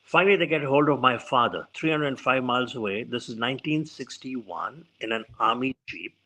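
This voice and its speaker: Bright-voiced older man telling stories. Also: medium pitch, brisk, low-quality recording. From India. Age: 70s. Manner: animated storyteller who acts out quoted voices. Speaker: guest physician. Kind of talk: storytelling in an interview.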